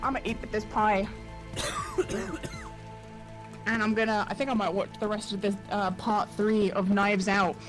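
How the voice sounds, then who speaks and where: A woman's voice: mid-range voice, wildly swooping pitch, measured pace, pauses often, faint music behind, low-quality recording. A woman, chatting on a stream in a dry, mock-outraged way with swearing.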